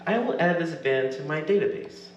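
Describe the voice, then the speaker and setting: Brief: soft-spoken, librarian-like AI woman, man putting her on, raised pitch, distant echoey room. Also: lo-fi sound, a little hiss or hum, close to an everyday voice. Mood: curious. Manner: soft and measured. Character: gentle, librarian-like woman, machine-like.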